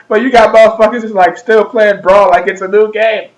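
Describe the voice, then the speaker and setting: Young man, slightly high voice, comedic rant vlog, profane, exaggerated, laughs at own jokes. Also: quick pace, hardly any pauses, rough recording. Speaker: vlogger.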